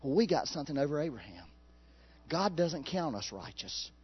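Folksy male preacher, high lively voice, dull lo-fi recording. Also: normal speed, husky. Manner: animated, folksy, laughs at own jokes. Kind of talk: sermon.

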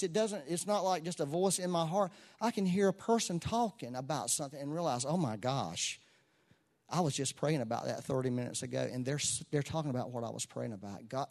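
A man preaching a sermon to a church congregation, moving between soft asides and loud exclamations. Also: a little high. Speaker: pastor.

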